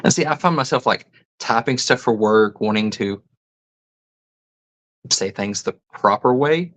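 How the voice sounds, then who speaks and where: A man's voice: medium pitch, animated, unhurried, fairly bright tone, rough recording. A middle-aged man hosting a casual live stream, reading viewer comments aloud and musing about pronunciations with frequent chuckles. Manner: rambling, chuckles often, muses on pronunciations.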